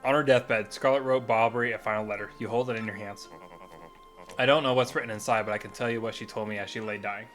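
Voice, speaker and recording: A man's voice: lowish voice, steady tone, quick pace, a bit bright, faint music behind. A man streaming a video game, reading its character dialogue aloud with a light dramatic lilt and stumbling over words now and then. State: coughing at times.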